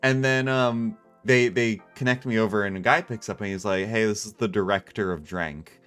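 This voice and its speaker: Male streamer, low voice, faint music behind, rambling anecdotal delivery on earbud mic. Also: normal speed, a bit bright, clean tone. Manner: rambling, self-interrupting storyteller with frequent laughs. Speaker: livestream host. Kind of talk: casual chat over a game stream. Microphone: earbuds with headset mic.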